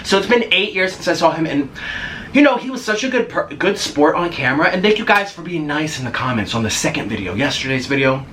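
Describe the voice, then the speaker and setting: A man in his twenties chatting in a casual mukbang vlog, excitable and gushing. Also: a little high, fast, slight background noise. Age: 20s. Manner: excitable, gushing, many gasps and squeals. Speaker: vlogger. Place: apartment in a busy city. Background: faint street ambience.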